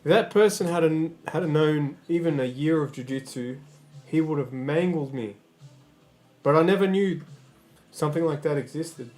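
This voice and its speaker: A man chatting casually on a livestream, his voice sitting a little high. He rambles, swears freely and trips over his words, restarting sentences. Faint music plays underneath. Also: moderate pace, a little mellow. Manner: rambling and profane, with frequent stammered restarts.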